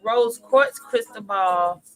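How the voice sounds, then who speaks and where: A woman's voice: a little high, slow pace, fairly bright tone, soft background music, poor audio. A woman hosting a live tarot reading stream, chatting casually and laughing often between readings.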